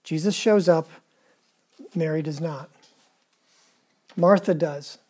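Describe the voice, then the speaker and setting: Preacher, mellow tone, retells scripture casually and keeps asking the room questions. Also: mid-range voice, slow pace, breathy edge. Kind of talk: conversational sermon.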